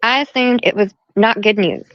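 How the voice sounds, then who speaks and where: A woman's voice: medium pitch, moderate pace, no room sound. A middle-aged woman hosting a livestream, retelling a quarrel in quoted speech and repeating herself. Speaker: livestream host. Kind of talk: heated casual storytelling. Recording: dull lo-fi stream audio.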